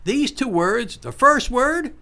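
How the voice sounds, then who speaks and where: A man hosting a casual radio talk show, who repeats key points and slows right down to spell out numbers. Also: extremely high pitch, lively intonation, sharp tone.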